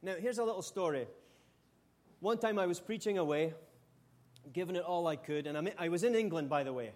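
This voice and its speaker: A middle-aged Scottish man from Scotland, preaching a sermon with animated, humorous storytelling. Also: high voice, fairly quick. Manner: animated, humorous storytelling with sudden loud outbursts. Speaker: pastor.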